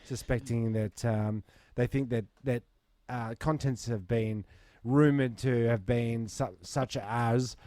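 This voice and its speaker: A male podcast co-host, talking at an ordinary pitch in a loose, halting way, stopping and restarting his sentences. His voice sounds dry and close to the mic. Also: fairly even intonation, warm tone, no echo. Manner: halting, full of fillers and restarts. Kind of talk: casual banter.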